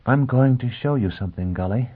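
Female role, young, icy and scornful, quiet deliberate delivery, male reader puts her on, phone-line tone. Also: mid-range voice, husky, pitched above the performer's own voice, close to an everyday voice. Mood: cold, quiet. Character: tense, scornful young woman, icy then hysterical. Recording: tinny phone-like sound.

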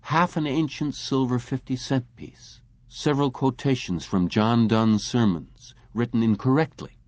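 A man reading a science fiction story aloud as an audiobook narrator, in a measured way. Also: mid-range voice, dry recording. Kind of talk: scripted narration.

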